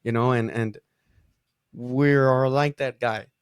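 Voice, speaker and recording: A man co-hosting a podcast with his brothers, talking in a halting, heartfelt way with many restarts. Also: mid-range voice, fairly even intonation, smooth, dry recording, clean studio sound. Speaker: podcast co-host. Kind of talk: casual heartfelt conversation.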